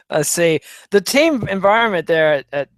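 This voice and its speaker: A man with a fairly high voice banters wryly and teasingly as a podcast co-host while leading the rundown. His voice sounds close and dry, with no room echo. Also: very animated, a little slow. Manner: wry, teasing, runs the show's rundown. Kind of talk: casual comedic chat.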